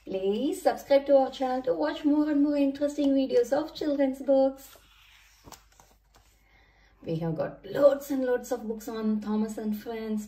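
A woman reading a children's picture book aloud in a slow, sing-song storytelling manner. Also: on the high side, warm tone. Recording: echoey room, mic far off.

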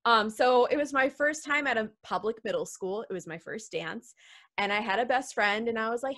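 A young woman with a bright, forceful voice tells a personal story over a video call. She talks in an animated way, acting out quotes as she goes. Her voice sits a little high for a woman. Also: moderate pace. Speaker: interview guest, wrestler. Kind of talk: casual storytelling.

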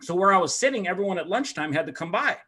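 A man telling a personal story in a casual talk, animated and profane, acting out the other people in it and laughing along the way. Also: high-pitched, rapid-fire, husky. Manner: excitable, swears often, acts out other people's lines with shouting and laughter. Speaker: podcast host telling a story.

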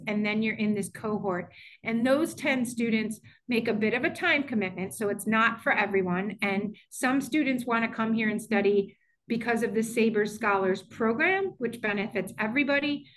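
Woman, college administrator, online info session, fast and chatty, video call audio. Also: medium pitch, fairly bright tone. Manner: fast, chatty, lots of fillers and restarts. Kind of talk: online information session presentation.

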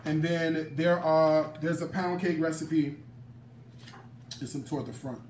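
Chatty, slow-talking man in an echoey kitchen. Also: fairly high pitch, steady tone, a little mellow, far from the mic, a little hiss or hum. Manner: chatty and exclamatory, addresses viewers directly. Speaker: cooking show host and cookbook author. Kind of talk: casual cooking demonstration. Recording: echoey room.

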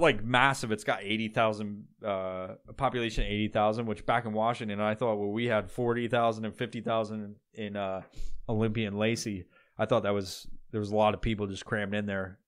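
A man's voice: mid-range voice, clean tone. A man hosting a solo podcast, rambling in casual talk with heavy swearing and frequent laughs. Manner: rambling and heavily profane, laughs often. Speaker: podcast host.

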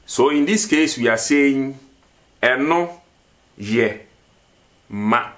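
Man, language teacher, very slow, repetitive, questioning. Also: mid-range voice, expressive, fairly bright tone. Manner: slow, repeats words and asks questions. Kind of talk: vocabulary lesson.

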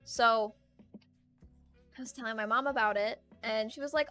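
Young female streamer, slightly high-pitched, chatty and rambling with frequent laughs, soft music underneath. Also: moderate pace. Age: young adult. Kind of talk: casual gaming stream chat.

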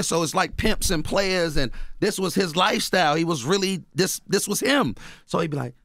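A man's voice: sits high, lively intonation, moderate pace, hardly any pauses, fairly bright tone, no room sound. A man from Oakland, a radio guest telling loose stories packed with "you know what I mean". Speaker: guest author and rapper. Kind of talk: casual radio interview. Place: radio studio.

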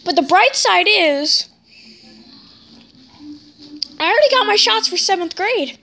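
A woman's voice: very high voice, lively intonation, normal speed, gravelly, pushed and bright, slight background noise, poor audio. A sixth-grade girl chatting casually in a home vlog, rambling and filling gaps with "anyway". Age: child, sixth grader. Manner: rambling, keeps saying anyway. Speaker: vlogger.

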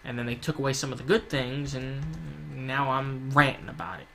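A man talks through his gameplay in a loose, rambling way, cursing freely and slipping into heated rants. His pitch sits in an ordinary middle range. A faint hum of noise runs underneath. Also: moderate pace, vocal fry, sharp tone. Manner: rambling, profane, ranting. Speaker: gaming YouTuber. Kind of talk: casual gameplay commentary.

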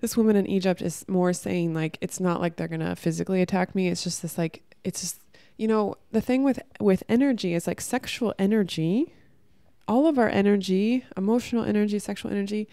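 A woman's voice: mid-range voice, a little fast, mellow, dry recording. A woman vlogger talking candidly to her camera in a rambling, reflective way, filling her sentences with "like". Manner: rambling, heavy use of "like". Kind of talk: casual spiritual monologue to camera.

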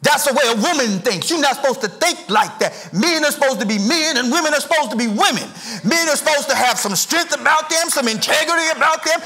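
A middle-aged man preaches in a church, his voice pitched unusually high for a man. His tone is bright and forceful, and his delivery climbs into sing-song rises and shouted emphasis. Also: lively intonation, fairly quick, hardly any pauses. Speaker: pastor. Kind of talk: sermon. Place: church sanctuary.

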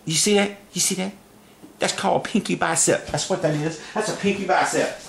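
A man's voice: high voice, fairly even intonation, brisk, vocal fry, fairly bright tone. A man clowns through a drum lesson with goofy, mock-boastful talk, repeating phrases over and over. His voice comes from a distance in a very echoey room with faint noise behind it. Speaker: drum teacher. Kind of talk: comedic casual drum lesson.

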